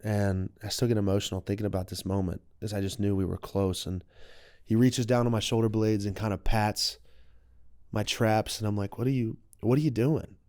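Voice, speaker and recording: A young man in his late twenties speaks in a smooth, clear voice that sits a little low. He tells a personal story openly and with feeling, and the sound is dry and close, as if recorded on a studio mic. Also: little pitch movement, moderate pace, darkish tone, no echo. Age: 20s. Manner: open, heartfelt, reflective. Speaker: podcast guest.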